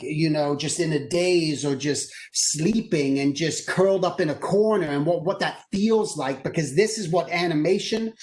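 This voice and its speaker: A man giving a conversational career talk to students over a video call, energetic and acting out quoted dialogue. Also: a little high. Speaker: guest presenter.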